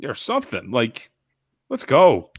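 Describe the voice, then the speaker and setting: Male co-host, emphatic and incredulous, lively pitch. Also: a little slow, husky, no echo. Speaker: radio show co-host. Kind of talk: casual sports radio banter.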